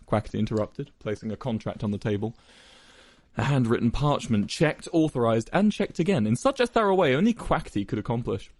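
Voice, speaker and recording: A man's voice: mid-range voice, animated, fairly quick, darkish tone, no room sound. A young man expressively narrating a fan fiction story aloud.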